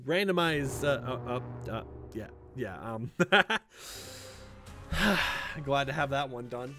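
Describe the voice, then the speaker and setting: A man giving jokey, animated gameplay commentary as a YouTuber, talking back at the game, with faint game music behind him. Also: mid-range voice, slow. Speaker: gaming YouTuber.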